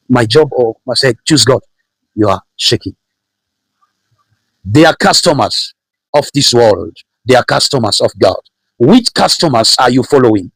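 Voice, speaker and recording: A man's voice: medium pitch, a bit bright, husky, no room sound, low-quality recording. A man preaching a sermon, emphatic and repetitive, driving his points home with rhetorical questions.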